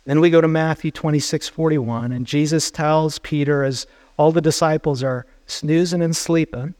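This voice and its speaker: A man's voice: a little high, moderate pace, few pauses, a little mellow, no echo. A man preaching a sermon as pastor, earnest and urgent as he exhorts his listeners.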